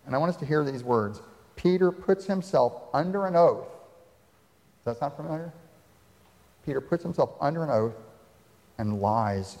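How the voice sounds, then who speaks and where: A male pastor delivers a sermon in a church sanctuary, his voice sitting at an ordinary middle pitch. He retells scripture with dramatic flair and keeps putting rhetorical questions to the congregation. His words ring out with a long reverb that fills the hall. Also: moderate pace, pauses often, darkish tone.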